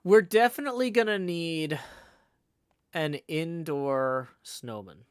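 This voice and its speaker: A man's voice: fairly high pitch, takes it slowly, clear, resonant tone, no echo, studio quality. A man streaming live, chatting casually and thinking aloud as he plays, often correcting himself mid-sentence. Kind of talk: casual livestream chat while playing a game.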